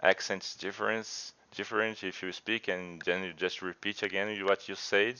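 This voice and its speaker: A man's voice: sits low, flat delivery, normal speed, sharp tone, clear, resonant tone. A non-native English-speaking man telling casual stories in a chatty way, often saying "like". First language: not English. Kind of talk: casual storytelling. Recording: dull lo-fi audio.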